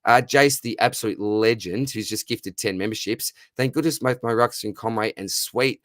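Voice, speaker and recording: Australian man, young, matey livestream host, lowish voice, dry mic. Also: moderate pace, few pauses, fairly bright tone, no room sound. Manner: matey, upbeat, reads viewer questions aloud. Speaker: fantasy football livestream host. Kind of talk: casual live Q&A chat.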